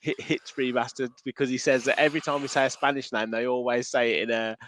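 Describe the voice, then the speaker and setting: A man's voice: mid-range voice, quick pace, slight background noise. A man co-hosting a football podcast, chatting casually and often restarting his sentences. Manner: animated, restarts phrases, reads out viewer comments. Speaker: podcast co-host.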